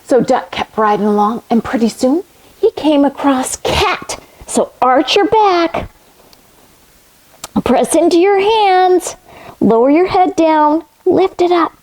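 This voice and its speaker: Woman, children's yoga teacher, storytelling lesson, gentle, instructive, slow. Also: high voice, expressive. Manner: gentle, instructive, animal sounds.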